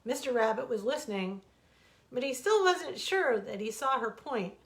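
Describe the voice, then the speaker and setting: A woman author reading a bedtime fable aloud in an expressive, dramatic storytelling manner. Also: on the high side, normal speed. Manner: expressive, dramatic, warmly animated. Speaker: author reading her own stories.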